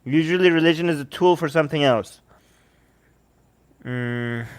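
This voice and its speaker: A man hosting a livestream, reacting to videos with sarcastic, animated commentary and talking to his chat. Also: a little high, moderate pace, clean tone. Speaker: livestream host.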